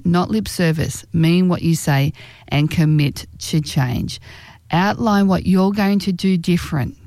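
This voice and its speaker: A woman giving relationship advice in a direct, earnest way, slowing down to stress key phrases. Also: on the low side, mellow, dry recording. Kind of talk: direct-to-camera advice talk.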